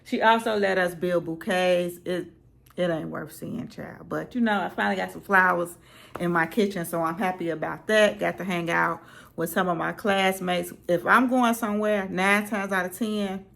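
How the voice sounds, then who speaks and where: Chatty woman with a gravelly, lowish voice. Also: normal speed. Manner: relaxed, chatty, slangy asides. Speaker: vlogger. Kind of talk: casual chat. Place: home, on a slow morning.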